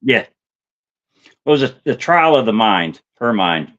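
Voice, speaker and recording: A man's voice: mid-range voice, big pitch swings, measured pace, fairly bright tone. A man co-hosting a casual book discussion who talks hesitantly and often repeats words. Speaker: podcast co-host. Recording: dull lo-fi sound.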